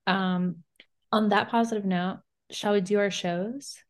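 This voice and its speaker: Her medium-pitched voice holds a steady tone as she co-hosts a podcast, talking reality TV in a casual way. This young woman is blunt and swears frequently, with quick asides along the way.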